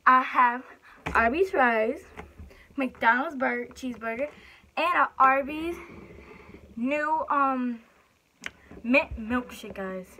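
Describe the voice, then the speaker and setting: A woman's voice: high voice, a bit bright, slight background noise. A young woman chatting casually between bites in a home eating vlog, bubbly and chatty, in a small bedroom. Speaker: mukbang vlogger.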